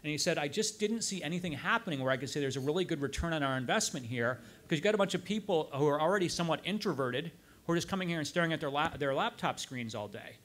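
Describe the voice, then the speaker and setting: A man's voice: a little high, fast talker. Man telling a story at a club talk. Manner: anecdotal, quoting others in lively asides. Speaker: guest speaker. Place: club event room.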